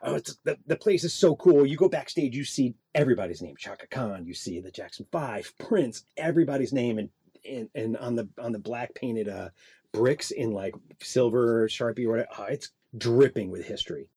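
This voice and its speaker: Man telling a rambling story, warm and lively. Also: mid-range voice, normal speed, slightly rough, dry recording. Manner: rambling, self-doubting, animated. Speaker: guest, performer. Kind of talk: casual storytelling.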